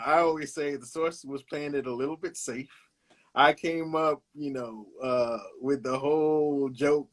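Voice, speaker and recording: A relaxed man in his fifties from Brooklyn talks through old stories as an interview guest. He takes his time and drops in plenty of "uh"s, and his voice sits at an ordinary middle pitch. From Brooklyn, New York. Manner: laid-back, anecdotal, hesitates with "uh", laughs along. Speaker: guest, illustrator. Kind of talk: casual storytelling interview.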